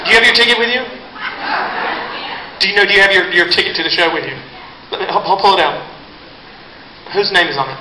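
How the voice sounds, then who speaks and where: A man's voice: high-pitched, fast talker, pauses often, heavy background noise. A male performer joking and teasing with a live audience between songs, speaking into a stage microphone. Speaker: performer and bandleader. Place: live concert hall. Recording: echoey concert hall, loud crowd.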